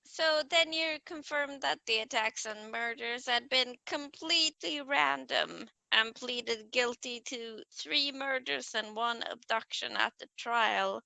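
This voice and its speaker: A woman's voice: a little high, slow, vocal fry, hardly any pauses, pushed and bright, dry recording, poor audio. A woman co-hosting a true crime podcast, recounting facts in a matter-of-fact way. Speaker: podcast co-host.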